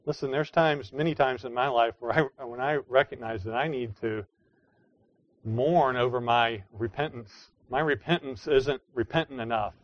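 A pastor delivers an earnest sermon, his voice at an ordinary middle pitch. He drops to soft, pleading tones and then rises to emphatic declarations. The recording sounds slightly dull and lo-fi, with a dry, close sound and no room echo. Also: normal speed.

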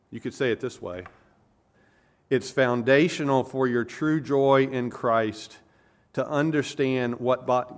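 A man preaching an expository sermon, earnest and emphatic, pausing to explain and correcting himself as he goes. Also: mid-range voice.

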